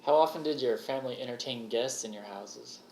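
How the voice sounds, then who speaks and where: A male interviewer asks short, plain questions about family life. His voice sits at a medium pitch, and he keeps his delivery simple and direct. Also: a little fast, creaky, darkish tone, rough recording.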